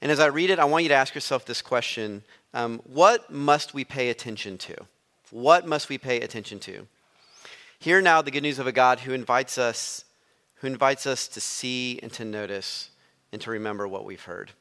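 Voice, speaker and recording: A man gives a sermon as a visiting preacher. His voice is bright and forceful. He speaks conversationally and leans on storytelling. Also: mid-range voice, normal speed. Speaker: guest preacher.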